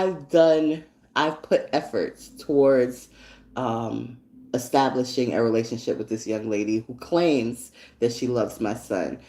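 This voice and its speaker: Profane, animated woman podcast host. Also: low-pitched. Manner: blunt, profane, animated storytelling. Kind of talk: casual monologue. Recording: echoey room.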